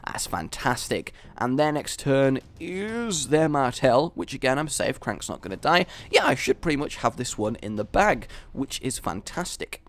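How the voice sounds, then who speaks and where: Young male gaming host, lively pitch, excitable play-by-play with gleeful shouts. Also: normal speed, few pauses. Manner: animated, with loud triumphant outbursts. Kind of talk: excited gameplay commentary.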